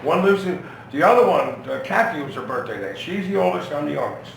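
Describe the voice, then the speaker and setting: A man's voice: on the high side, expressive, brisk, creaky. A middle-aged man telling rambling, profane stories in a casual interview, with lots of restarts. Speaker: rock singer being interviewed. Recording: echoey, from far off, noisy ambience.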